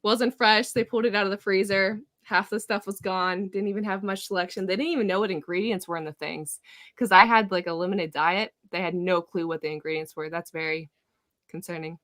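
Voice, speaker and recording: A woman co-hosting a reaction show in relaxed, chatty conversation, often laughing. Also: medium pitch, a little fast, no echo, clean studio sound. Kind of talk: casual chat.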